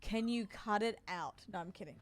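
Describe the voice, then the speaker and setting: A woman's voice: medium pitch, moderate pace, faint music behind. An Australian woman in her forties, streaming and chatting casually with her viewers, teasing and joking as she answers chat. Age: 40s.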